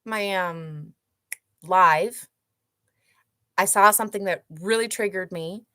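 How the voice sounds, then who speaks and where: A woman hosting a show, reading a book passage aloud slowly and then chatting casually with many fillers. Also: mid-range voice, sharp tone, no echo. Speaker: host.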